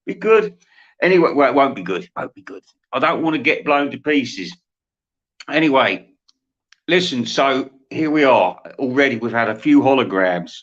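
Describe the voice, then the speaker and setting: A man's voice: medium pitch, animated, normal speed, a bit bright. A man host rambling through a satirical comic monologue, laughing at his own jokes. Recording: dull lo-fi sound.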